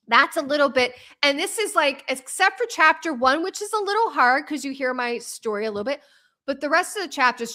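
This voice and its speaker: A woman speaking as an interview guest, an author and trauma coach, talking in an animated, rambling way with frequent restarts. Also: fairly high pitch. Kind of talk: casual interview talk.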